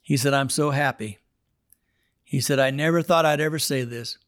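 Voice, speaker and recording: A man's voice: medium pitch, moderate pace, fairly bright tone, dry recording, studio quality. A man, a pastor, telling a story in a sermon and acting out the people in it.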